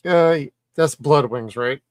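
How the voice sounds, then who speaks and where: Easygoing man, slightly high voice. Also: takes it slowly, no echo, studio quality. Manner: easygoing, blunt opinions. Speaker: podcast co-host. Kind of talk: casual chat.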